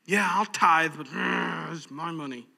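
A man's voice: a little high, unhurried, vocal fry, pushed and bright, slightly rough, full character voice. A man putting on a grudging churchgoer who complains about serving. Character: grudging churchgoer, grumbling adult.

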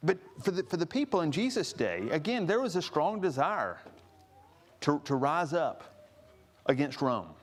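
A man's voice: fairly high pitch, very animated, normal speed. A man preaching a sermon, earnest, rising to stress each scripture he quotes. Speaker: pastor.

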